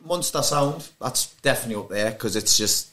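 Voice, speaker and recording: A man's voice: medium pitch, animated, moderate pace, noisy background. Hesitant man. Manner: rambling, hesitant, many fillers. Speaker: rave MC, podcast guest. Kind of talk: casual podcast chat.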